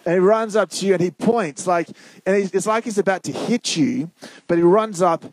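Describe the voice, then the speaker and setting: A man's voice: high voice, normal speed, no echo, low-quality recording. A man preaching in a casual, conversational way, reading scripture and asking the listeners to call out answers. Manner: conversational, prompts the audience to call out.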